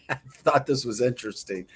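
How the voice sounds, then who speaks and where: A man's voice: medium pitch, measured pace, slightly rough. Playful chuckling male show host. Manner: playful, repeats words in mock pronunciations, chuckles often. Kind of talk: casual studio chat.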